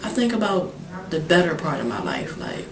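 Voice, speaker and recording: A young woman in a prison interview talks in a soft, halting way, filling pauses with "like" and "um." Her voice rings off hard walls. A crowd murmurs behind her. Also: sits low, huge pitch swings. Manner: soft, hesitant, fillers and "like". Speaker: incarcerated mother, interviewee. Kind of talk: documentary interview, casual talk. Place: prison visiting area. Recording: echoey room with crowd behind.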